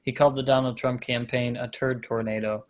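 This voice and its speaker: This comedy podcast host speaks a little fast in a mid-range, level-toned voice. Casual and self-deprecating, he wanders through jokey anecdotes and frequently forgets where he was going.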